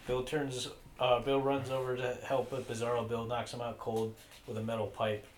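A man narrating the stage directions of a comedy script in a deadpan manner. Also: medium pitch, moderate pace. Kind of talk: reading stage directions aloud. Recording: echoey room, faint noise.

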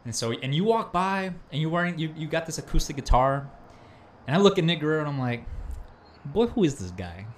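Slangy, excitable young man hosting a chat. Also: fairly high pitch, fast talker, a little hiss or hum. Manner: enthusiastic, slangy, full of "bro" and "dude". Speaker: host. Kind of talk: casual chat.

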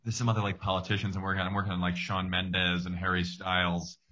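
Bright-voiced young male comedian. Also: low-pitched, fast talker. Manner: energetic, many likes. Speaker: guest comedian. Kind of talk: casual podcast chat. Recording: dull lo-fi sound.

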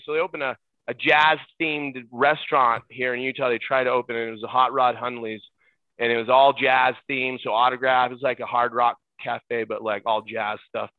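A man's voice: mid-range voice, normal speed, no echo. Middle-aged man on a tinny phone line. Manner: excitable, jumps into shouted impressions and laughs. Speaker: guest, former ballboy. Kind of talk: animated storytelling in casual chat. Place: at home in Utah.

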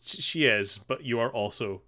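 A man with a bright, forceful voice at a middling pitch chats through scenes of a show, rambling and swearing as he goes. He acts out quoted lines in passing as a podcast co-host. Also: normal speed. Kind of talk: casual chat recapping an anime.

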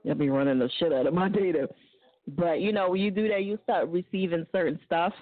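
A woman hosting a casual call-in radio show, joking loudly and laughing often. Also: fairly low pitch, a little fast, no echo. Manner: loud, joking, laughs often, puts on voices for quotes. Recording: tinny phone-line sound, dry.

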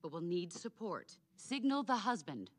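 An actress voicing a scheming, exasperated female emotion in an animated film. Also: lowish voice, normal speed. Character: female emotion leading a mother's mind.

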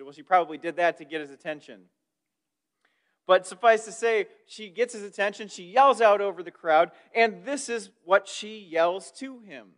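High-voiced man preaching conversationally. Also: fairly bright tone. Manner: conversational teaching with asides and restarts. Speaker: pastor. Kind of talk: sermon.

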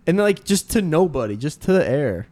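A man's voice: on the high side, big pitch swings, fairly quick, darkish tone, no room sound. A young man chatting casually, rambling through stories and filling his speech with likes. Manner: rambling storyteller, lots of "like". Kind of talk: casual chat.

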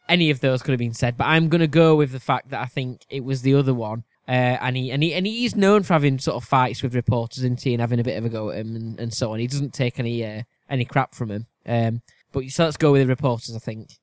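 A man's voice: mid-range voice, quick pace, no echo. A man answering quiz questions in casual chat, thinking aloud hesitantly. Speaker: quiz contestant and co-host.

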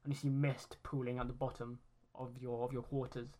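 Woman game master, very deep voice, slow low-key narration. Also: flat delivery, dark tone.

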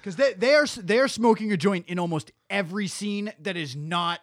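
A man with a high voice, recorded close and dry, picks apart a film's details with blunt, swear-laden complaints. He talks in an off-the-cuff way. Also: a little fast, no room sound. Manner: blunt, nitpicking, heavy swearing. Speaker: podcast co-host. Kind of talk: casual movie review chat.

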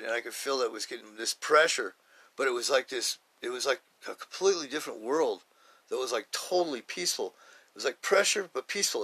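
A man on a podcast, telling a personal faith testimony in an excited, rambling way, often saying "man". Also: medium pitch. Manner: excited, animated, repeats himself, says "man" often. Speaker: podcast host.

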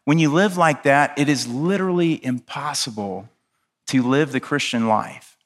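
A man's voice: mid-range voice, normal speed. Brief: male pastor, earnest and impassioned sermon delivery, chatty asides, mid-range voice. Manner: conversational asides with fillers.

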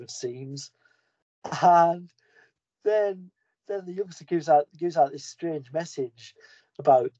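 A man recapping a comic story in a casual, enthusiastic way, often restarting his sentences. His voice is mellow and soft-edged. The audio is dry and a little dull, like lo-fi podcast audio. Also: a little high, no echo. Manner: enthusiastic, rambling, with frequent restarts.

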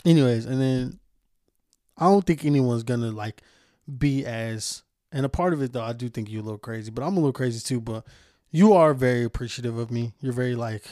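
A man's voice: mid-range voice, brisk, warm tone, no echo, clean studio sound. A man hosting a casual podcast, talking with heavy swearing and frequent laughter as he rants. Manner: profane, laughing, ranting. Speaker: podcast host.

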